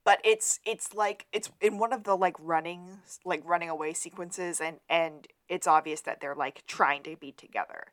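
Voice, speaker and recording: A woman's voice: lowish voice, normal speed, few pauses. A woman co-hosting a podcast, chiming in with plot points and short remarks in casual chat. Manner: relaxed, adds short remarks and plot beats. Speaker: podcast co-host.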